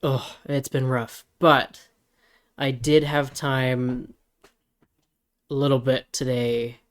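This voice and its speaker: A man's voice: mid-range voice, level tone, takes it slowly. A man co-hosting a podcast, speaking hesitantly with stammers and fillers in casual chat. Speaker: podcast co-host.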